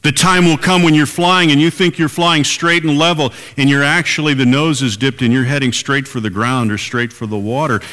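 A man's voice: mid-range voice, steady tone, normal speed, few pauses, fairly bright tone, long reverb tail. An older man preaching a sermon as pastor, emphatic and repeating key lines for weight.

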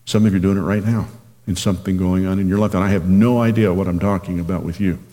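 A man preaching a sermon as pastor, reading scripture slowly and earnestly. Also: deep voice, steady tone, warm tone, big-room sound.

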